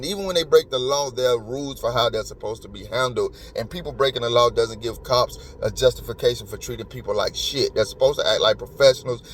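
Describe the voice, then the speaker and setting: A man's voice: mid-range voice, a little hiss or hum. A man hosting a podcast, talking in an emotional, emphatic and rambling way. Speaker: podcast host. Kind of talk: casual commentary.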